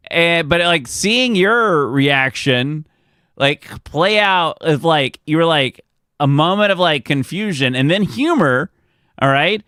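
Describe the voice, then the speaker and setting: A man's voice: on the high side, lively intonation, takes it slowly, fairly bright tone, dry recording, clean studio sound. Rambling man telling stories. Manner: rambling storyteller, chuckles often. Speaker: streamer. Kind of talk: casual chat with live chat.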